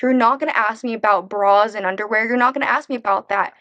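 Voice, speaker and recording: A nineteen-year-old woman, a podcast guest, telling a personal story frankly in quick bursts full of fillers and restarts. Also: on the high side, sharp tone, dry recording, highs cut off.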